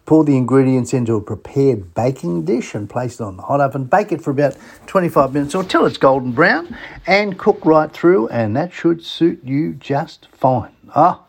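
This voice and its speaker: A man's voice: on the high side, lively intonation, moderate pace, gravelly, breathy edge. An Australian man hosting a travel radio show, chatty and folksy, talking straight to his listeners with plenty of enthusiasm. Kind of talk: casual radio presenting.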